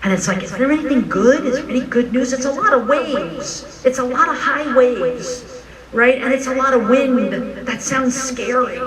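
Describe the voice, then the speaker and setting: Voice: sits high, normal speed, far from the mic, crowd noise, poor audio. A minister giving a frank, joking, conversational sermon at a live church service. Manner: animated storytelling, frank and joking.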